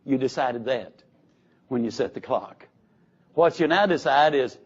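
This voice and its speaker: This motivational speaker has a mid-range, expressive voice with a breathy edge, keeping a measured pace and taking long pauses. Speaking live, he tells folksy stories laced with jokes and instructions for the audience; the recording is dull and lo-fi.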